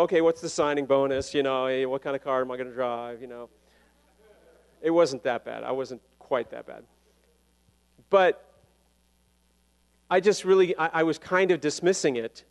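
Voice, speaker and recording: A man preaches in a fairly high voice, telling his story in a loose, self-deprecating way and laughing at his own jokes. His words ring out with the long reverb of a church sanctuary. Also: clear, resonant tone. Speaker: pastor. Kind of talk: sermon.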